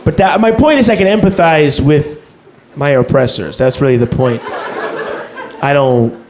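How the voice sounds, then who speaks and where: On a comedy stage in front of a live crowd, a young man with a fairly high voice takes his time through a rambling set of profane, self-deprecating jokes. Loud audience noise fills this live club recording.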